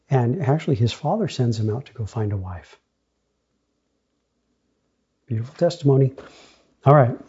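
A man's voice: medium pitch, dark tone, breathy edge, dull audio. A man preaching a sermon, reading scripture aloud and addressing the congregation as brothers and sisters.

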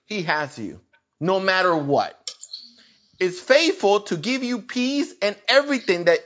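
A preacher with a very high voice delivers a relaxed, informal sermon at an unhurried pace, his pitch swinging widely. He's animated, with a bright, edged tone, and repeats phrases to drive each point home. The recording is muffled and lo-fi.

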